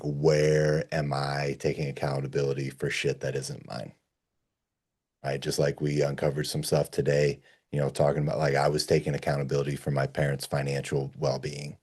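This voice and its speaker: Deep husky male group leader, relaxed and plainspoken on a video call.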